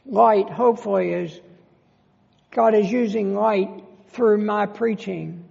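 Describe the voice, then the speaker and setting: Pastor, male, slow emphatic sermon delivery, high gravelly voice. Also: darkish tone. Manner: emphatic preaching with rhetorical questions. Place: church sanctuary. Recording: long church reverb, dull lo-fi sound.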